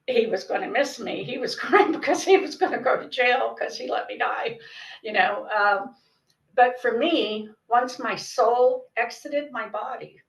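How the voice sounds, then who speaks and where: A woman's voice: medium pitch, gravelly. An older woman earnestly retelling a personal experience as an interview guest, acting out the voices of people in her story. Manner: earnest, vivid retelling with quoted dialogue. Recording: roomy echo, distant from the mic.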